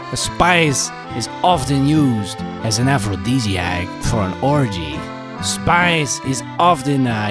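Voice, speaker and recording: A man voicing a smooth male spice merchant in a mock French accent, selling with a drawn-out, crooning pitch. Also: natural voice.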